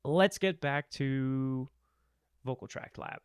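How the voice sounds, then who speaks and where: Man, voice teacher, opinionated, emphatic, slightly high pitch, dry close recording. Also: lively intonation, unhurried, clear, resonant tone, no echo. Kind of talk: tutorial with rants.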